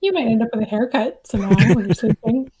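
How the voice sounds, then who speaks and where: A woman's voice: on the high side, animated, fast talker, warm tone, slightly rough. A woman playing a tabletop game, throwing in playful, joking asides. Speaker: player. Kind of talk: casual tabletop game play.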